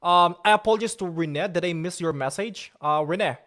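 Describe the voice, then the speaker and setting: A man's voice: high-pitched, moderate pace. A man hosting a livestream, talking casually, irritable at first, then joking as he answers viewer chat. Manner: irritable, then forces himself calm and joking. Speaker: livestream host.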